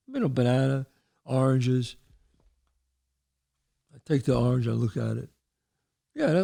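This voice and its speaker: A man from the Bronx, hosting a show and telling stories, animated and acting out voices. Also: on the high side, vocal fry. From the Bronx, New York. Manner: animated, acts out voices, trails off mid-sentence. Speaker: host. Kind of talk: storytelling.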